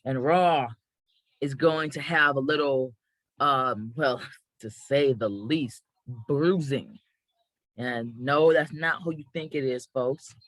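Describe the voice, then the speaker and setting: Here the gaming channel host speaks slowly in a mid-range, slightly bright voice while announcing a mock wrestling draft with hype, sometimes correcting himself. There's no echo, but the audio quality is poor.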